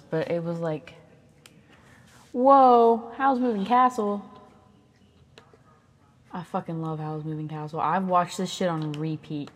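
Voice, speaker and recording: A vlogger in their twenties with a Southern US accent rambles casually and swears often while moving around their bedroom. The voice is medium-pitched, with a long reverb tail.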